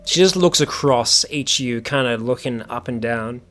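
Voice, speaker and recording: A man's voice: mid-range voice, normal speed, fairly bright tone, faint music behind. A man narrating a tabletop game as game master, describing scenes in a rambling way full of fillers.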